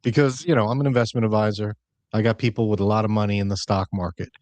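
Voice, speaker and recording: A man's voice: lowish voice, fairly even intonation, darkish tone, dry recording. Guy hosting a finance podcast, jokey and chatty, dry close sound. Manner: jokey, talkative, rapid asides. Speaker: podcast host, investment advisor. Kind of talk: casual podcast chat.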